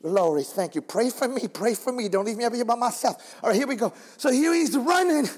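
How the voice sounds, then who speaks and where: A male guest preacher giving an animated, dramatic storytelling sermon on a handheld microphone, calling out to his congregation, with a husky voice. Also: very high voice, a little fast. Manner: animated, emotive, calls on the congregation. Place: church sanctuary. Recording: long reverb in a large church hall.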